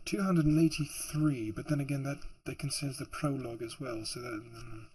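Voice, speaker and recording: Late at night, a weary man doing a fake British accent rambles on, chuckling and mocking himself; he is an audiobook narrator. He speaks at a moderate pace in a medium-pitched voice that is a little mellow but slightly rough.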